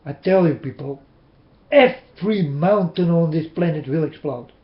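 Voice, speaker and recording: Urgent high-voiced man preaching to webcam. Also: moderate pace. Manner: urgent, repeating, pleading with listeners. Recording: roomy, dull webcam audio.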